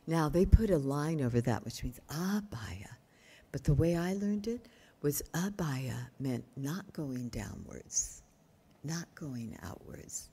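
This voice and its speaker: An older woman teaching a yoga workshop in a calm, explanatory way, often asking her listeners questions. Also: low voice, unhurried, husky. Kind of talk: workshop lecture. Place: retreat workshop room.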